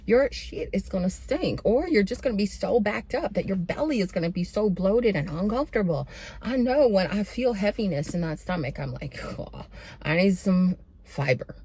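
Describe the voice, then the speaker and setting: A woman's voice: mid-range voice, animated, normal speed, dark tone, slightly rough, no room sound. A young woman giving a sassy, blunt motivational pep talk straight to her viewers and calling them honey and babe. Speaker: self-improvement vlogger.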